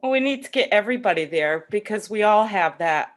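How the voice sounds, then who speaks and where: A woman's voice: mid-range voice, lively intonation, a little fast. A woman guest teacher on a video call, earnest and playful in heartfelt talk. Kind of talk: heartfelt online chat.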